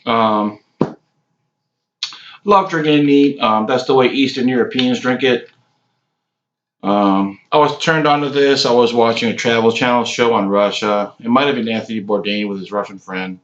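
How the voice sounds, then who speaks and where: A man in his late forties giving a casual, rambling cigar review, halting often with ums. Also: mid-range voice, a little hiss or hum. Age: 40s. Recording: echoey room, dull lo-fi sound.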